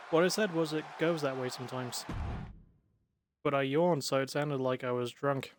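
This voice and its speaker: A man's voice: mid-range voice, fairly even intonation, normal speed. A sleepy man giving laid-back, swearing play-by-play commentary of a wrestling video game. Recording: crowd noise and game sounds behind.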